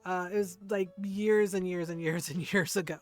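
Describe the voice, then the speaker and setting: A woman's voice: on the low side, steady tone, normal speed, a little mellow. A woman streamer chatting casually while gaming, rambling with lots of fillers and asking "right?" often, over faint background music.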